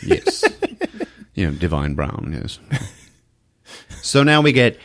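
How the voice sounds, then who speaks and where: A man's voice: on the low side, slow pace, dry recording, clean studio sound. A man hosting a podcast, telling a film's plot in casual, profane, laughing style. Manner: laughing, animated, profane storytelling. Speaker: podcast host. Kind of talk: casual film recap.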